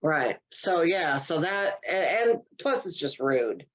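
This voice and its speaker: A woman's voice: low voice, sing-song, slow pace, low-quality recording. A woman co-hosting a podcast, chatting casually and exclaiming as she reacts. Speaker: podcast co-host. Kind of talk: casual chat.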